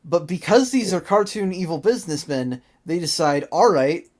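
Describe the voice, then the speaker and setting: Animated podcast host in casual review chat. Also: mid-range voice, normal speed. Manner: animated, exasperated, laughs often.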